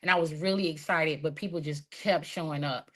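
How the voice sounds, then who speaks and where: A woman in her thirties, a Marine veteran, telling her personal story in a lively, expressive way with frequent laughs. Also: low voice, fairly quick, poor audio. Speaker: podcast guest, Marine veteran. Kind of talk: casual storytelling.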